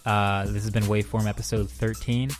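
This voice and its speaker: A man co-hosting a podcast in casual chat, animated and playful, telling stories with mock exclamations, in a hotel room. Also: on the low side, brisk, music in the background. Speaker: podcast co-host.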